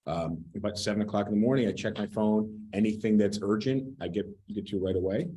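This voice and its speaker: A man's voice: on the low side, brisk, dark tone, poor audio. A man giving a casual real estate training talk, blunt and sometimes swearing as he picks apart advice. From United States.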